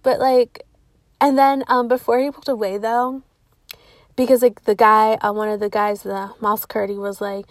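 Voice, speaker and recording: A young woman chats straight to camera in a casual storytime monologue. Her voice sits a bit high, and the sound is dry and close with no room echo. She is blunt and outspoken, swears freely and leans on "like" between almost every phrase. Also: flat delivery, normal speed. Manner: profane, filler-heavy talk with constant "like". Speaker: vlogger telling a personal story.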